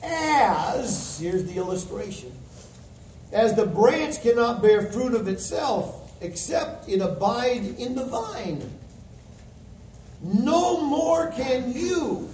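A man's voice: high voice, very animated, takes it slowly, darkish tone. A man preaching a sermon, quoting scripture and pressing his points with emphasis. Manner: emphatic, quotes scripture with rising fervor. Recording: roomy distant mic with faint hiss.

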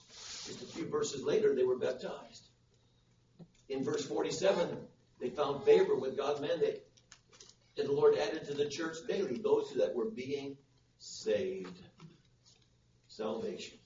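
A man's voice: on the high side, a little slow. Emphatic man preaching in a roomy church. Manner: emphatic, builds to loud numbered points. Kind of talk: sermon. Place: church service. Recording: roomy, distant, dull with faint noise.

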